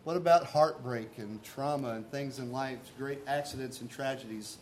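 A man's voice: medium pitch, normal speed, hardly any pauses, a little hiss or hum. A man preaching a sermon as pastor, talking earnestly and conversationally and asking his listeners rhetorical questions.

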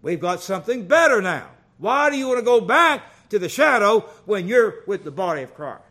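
A middle-aged man delivers a folksy sermon. His voice sits high and leaps around. He rises into loud bursts and then drops to quiet asides. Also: normal speed. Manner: folksy, animated storytelling with big swings in loudness. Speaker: preacher.

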